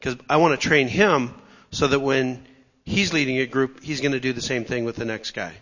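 A man's voice: mid-range voice, normal speed, a bit bright, big-room sound, highs cut off. A man giving a teaching talk at church, explaining step by step in a methodical way. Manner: explanatory, methodical, clears throat.

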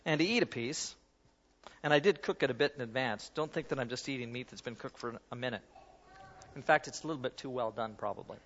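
A man's voice: medium pitch, a bit bright. A man preaching a conversational sermon, acting out an object lesson as he talks. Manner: conversational, self-deprecating, demonstrates while talking. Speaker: pastor. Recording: dull sound in a reverberant hall.

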